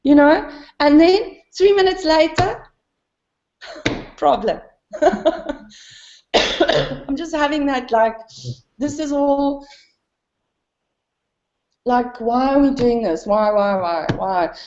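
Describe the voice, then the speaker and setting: A woman talks through her doubts in a candid spiritual conversation, rambling with many fillers and laughing at herself. Her voice sits high. The recording is roomy and muffled. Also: slow pace, long pauses, darkish tone. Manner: self-deprecating, laughs often. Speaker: satsang participant. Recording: dull, roomy, low-fidelity.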